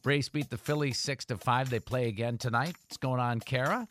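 A man's voice: mid-range voice, steady tone, normal speed, fairly bright tone, slight background noise. A man hosting a morning radio show, chatting casually and jokingly, stretching out his words.

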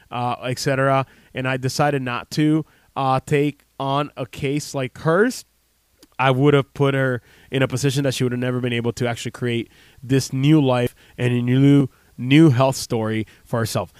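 A man's voice: medium pitch, fairly even intonation, moderate pace, smooth, no echo. A man in his thirties, a chiropractor hosting a radio talk show, speaking casually with many fillers and restarts into a close studio mic.

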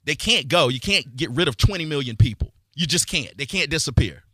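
Radio host, man, brash banter, bright and animated, dry studio sound. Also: on the high side, brisk, slightly rough, no room sound. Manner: brash, joking, streetwise banter. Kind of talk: radio talk show.

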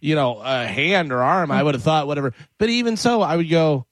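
A man co-hosting a talk radio show, chiming in with quick joking comments. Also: fairly high pitch, expressive, no room sound.

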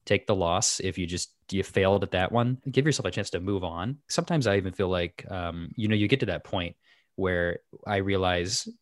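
A man co-hosting a casual parenting chat, lively and acting out little quoted lines. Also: low-pitched, normal speed, no room sound, studio quality. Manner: animated, acts out little quoted voices. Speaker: podcast co-host and parent.

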